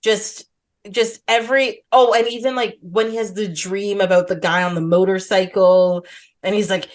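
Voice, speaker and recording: A woman's voice: medium pitch, moderate pace. Enthusiastic woman chatting about films. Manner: enthusiastic, rambling, acts out quotes. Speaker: podcast host. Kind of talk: casual film chat.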